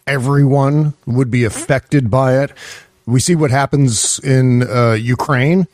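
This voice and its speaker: A man's voice: medium pitch, slow, a little mellow, no room sound. A man on a political podcast panel, talking in an exasperated way with frequent stammered restarts. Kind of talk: political roundtable talk.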